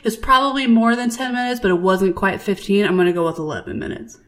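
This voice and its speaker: A woman co-hosting a podcast, chatting casually and telling stories in an animated, profane way. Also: mid-range voice, fast. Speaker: podcast co-host. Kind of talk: casual chat.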